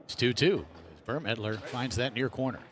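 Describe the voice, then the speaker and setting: A male play-by-play commentator calls the match live, snapping out each move as it happens. His voice sits at an ordinary middle pitch. A faint hiss runs beneath the commentary. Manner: rapid, energetic shot-by-shot calling.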